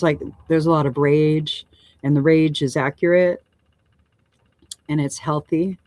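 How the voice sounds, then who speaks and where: A woman hosting a live oracle card reading. She speaks gently and affirmingly, wandering and restarting phrases as she describes what she senses. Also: sits low, no room sound. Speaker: show host and oracle card reader.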